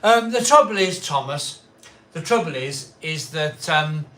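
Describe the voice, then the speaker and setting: A man's voice: a little high, lively intonation, a little slow. A middle-aged man hosting a live craft beer stream, chatting in a rambling, repetitive way, a bit tipsy after a pint or two. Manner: chatty, rambling, repeats himself, loud cheery greetings. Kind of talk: casual live-stream chat.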